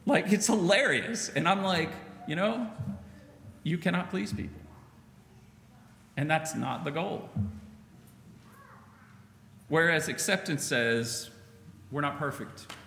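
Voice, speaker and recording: Male pastor, animated conversational sermon, echoey sanctuary with long reverb. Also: a little high, slow, creaky, pauses often, slight background noise. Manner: conversational, animated preaching with acted-out quotes. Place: church sanctuary. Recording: echoey church hall, faint ambience.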